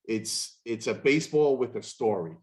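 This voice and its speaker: A man in his fifties, a podcast host, telling stories in casual chat and acting out the voices of people he quotes. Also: moderate pace. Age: 50s. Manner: animated, acts out quoted voices with big pitch jumps.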